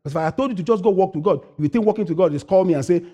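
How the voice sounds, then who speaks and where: Very fast and with few pauses, a man preaches as pastor, questioning the congregation and supplying the answers himself. He shifts between loud, high-pitched preaching and quiet asides.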